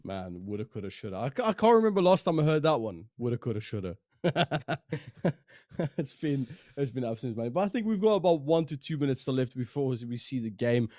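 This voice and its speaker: A man's voice: medium pitch, sing-song, brisk, darkish tone, dry recording, clean studio sound. A man from South Africa with a South African accent, casting esports in chatty, laughing banter between games. His first language is Afrikaans. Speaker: esports caster. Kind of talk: casual chat between games.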